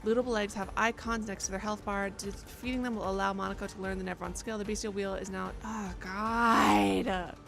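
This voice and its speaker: A woman's voice: mid-range voice, steady tone, normal speed, gravelly, hardly any pauses, fairly bright tone. A young woman streaming a game, joking, swearing and reading the game text aloud, with game music under her voice. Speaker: livestreamer. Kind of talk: casual gaming commentary.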